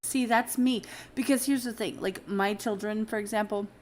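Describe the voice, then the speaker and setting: A woman's voice: medium pitch, steady tone, normal speed, darkish tone. A woman in her thirties hosting a podcast from a home garage office, talking bluntly with plenty of swearing and laughter. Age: 30s. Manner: blunt, profane, laughing storytelling. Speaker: podcast host. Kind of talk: casual podcast chat.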